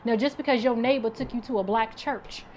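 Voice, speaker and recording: A woman co-hosting a casual talk, her slightly high voice pressing each point earnestly and repeating it for weight. A faint hiss of noise sits under her speech. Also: brisk, a little mellow. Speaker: podcast co-host. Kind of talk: casual chat.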